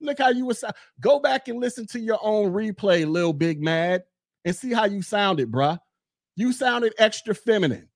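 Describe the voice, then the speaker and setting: Man, high voice, mocking podcast rant, dry close sound. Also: animated, moderate pace, no room sound. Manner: blunt, mocking, loud bursts. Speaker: commentary podcaster. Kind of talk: ranting casual commentary. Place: home, behind a desk.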